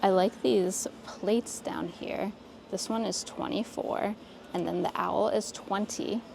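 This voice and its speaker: Woman with a gravelly voice, shopping vintage. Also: mid-range voice, steady tone, takes it slowly, noisy background. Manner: enthusiastic, reads prices aloud item by item. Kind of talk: casual shop-along narration. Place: antiques mall, indoors.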